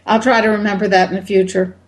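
Woman, 70s, doctor guest, animated storyteller. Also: mid-range voice, fast. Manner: lively anecdotes, mimics shouting voices. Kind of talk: interview storytelling.

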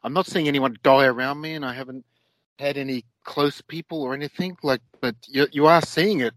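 A man co-hosts a casual talk show, rambling and trailing off with lots of ums. His voice is mid-pitched and sounds dry and close, with no room around it. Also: steady tone, brisk, fairly bright tone, no echo, low-quality recording. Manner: hesitant, rambling, many fillers. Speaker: podcast co-host.

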